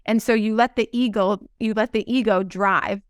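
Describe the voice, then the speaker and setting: A woman hosting a podcast speaks at a medium pitch in a smooth, clear voice. The sound is dry and close, and she talks reflectively, voicing her own inner thoughts. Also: steady tone, normal speed, no echo. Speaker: podcast host. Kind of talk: casual conversational interview.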